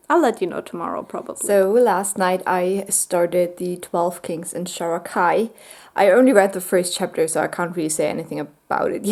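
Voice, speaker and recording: Young female book vlogger, casual and chatty, mid-pitched, rambling with ums and sudden gushing. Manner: chatty and rambling, with frequent ums and bursts of excitement. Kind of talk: casual reading vlog chat.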